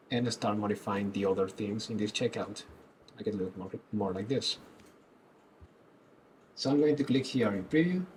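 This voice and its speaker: Man calmly explaining a coding walkthrough. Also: on the low side, slight background noise, poor audio. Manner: calm, step-by-step explaining. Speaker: tutorial presenter. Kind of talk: screen-recorded coding tutorial.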